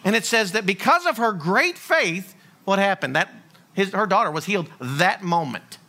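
A male pastor delivering a sermon in a high-pitched voice. He tells stories with a lot of energy and slips into the voices of the people in them. His tone is bright and forward. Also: moderate pace. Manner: lively storytelling, acting out voices of figures.

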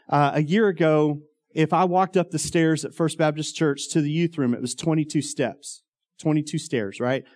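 A man's voice: fairly high pitch, a little mellow. A man, telling a long personal story in a rambling way, full of ums and uhs. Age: 40s. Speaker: former youth minister.

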